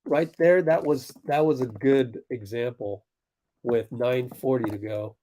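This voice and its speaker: A man hosting a fan livestream, calling the game live and ranting back at viewers in chat, swinging between fired-up outbursts and low muttered play-by-play. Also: measured pace, mellow. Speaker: livestream host.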